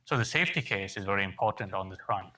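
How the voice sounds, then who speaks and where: A man's voice: low-pitched, lively intonation, fast talker, bright, forceful tone, poor audio. A man on a panel, an engineering executive, answering reflectively and posing rhetorical questions.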